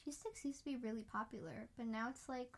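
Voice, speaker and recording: Talking fast in a voice on the high side, this young American podcast co-host meanders through stories in a loose, chatty way. She says "like" constantly as the casual conversation rolls on.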